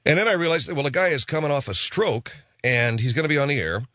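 A man's voice: fairly high pitch, animated, fast talker, fairly bright tone, no echo. A man hosting a radio talk show, rambling in a casual, offhand monologue full of restarts from a studio.

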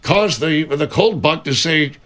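A fawning, blundering male sidekick, as a man acts him out, who answers with eager deference. His voice sits a bit high. He stumbles over words and keeps trying too hard. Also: a little slow, a bit bright. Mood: deferential. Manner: deferential, blundering, says "yes, ma'am". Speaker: radio show sidekick. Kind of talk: comedy radio character.

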